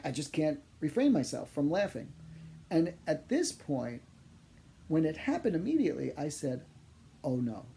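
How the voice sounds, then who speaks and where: A man working as a psychic medium, telling funny personal stories in an animated, exaggerating way. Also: a little high, vocal fry. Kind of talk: humorous personal storytelling.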